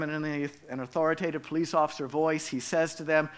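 Male pastor, sermon delivery, slightly high pitch, dynamic swings in volume. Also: little pitch movement, fast talker, few pauses. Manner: dynamic preaching, swings between loud emphatic and quiet.

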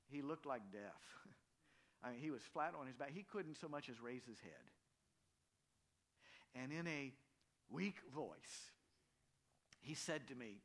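A man's voice: medium pitch, a bit bright. A middle-aged man, a pastor, preaching a sermon in an earnest storytelling way.

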